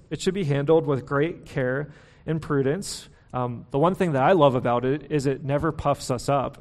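Guy pastor preaching, chatty and easygoing, lots of ums and restarts, kinda jokey about himself, normal mid voice. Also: mid-range voice. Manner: conversational, self-deprecating, with fillers and restarts. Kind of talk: sermon.

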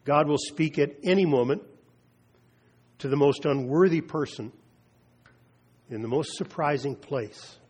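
A man preaching a sermon, retelling scripture with slow, emphatic pauses and drops in his voice. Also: fairly high pitch, darkish tone, slightly rough. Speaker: pastor.

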